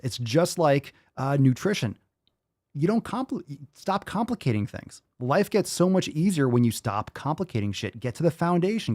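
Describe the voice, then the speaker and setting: A man's voice: fairly high pitch, darkish tone, no room sound, studio quality. A man in his thirties hosting a podcast, ranting casually in an exasperated, profane way and repeating himself. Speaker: podcast host.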